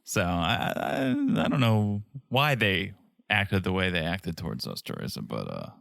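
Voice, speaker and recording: A man's voice: low-pitched, big pitch swings, unhurried, creaky, a bit bright, no echo. Joking male podcast co-host, dry sound. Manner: joking, rambling storyteller. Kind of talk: casual chat.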